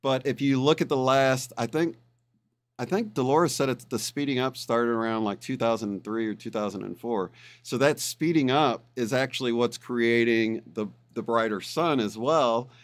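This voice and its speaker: A man's voice: mid-range voice, moderate pace. A man who is a guest on a podcast, explaining his ideas in a thoughtful way. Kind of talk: podcast conversation.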